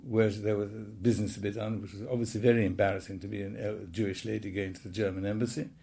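An elderly man in his eighties shares his reminiscences in a relaxed, wry, anecdotal way. His voice is gravelly, with a soft and mellow tone. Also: fairly low pitch, quick pace. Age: 80s. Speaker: speaker recounting his childhood. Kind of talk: reminiscing talk.

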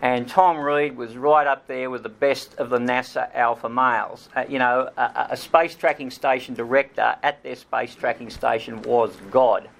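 Creaky-voiced man telling a story. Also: medium pitch, steady tone, moderate pace, few pauses, a bit bright. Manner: hesitant, many ums and restarts. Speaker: author giving a talk. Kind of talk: storytelling talk.

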